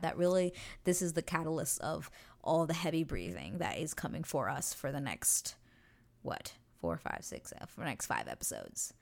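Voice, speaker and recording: A woman hosting a podcast, chatting casually and rambling with lots of "like" as she recaps a TV episode and acts out the characters' lines. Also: low-pitched. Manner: gushing, rambling, heavy use of "like". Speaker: podcast host.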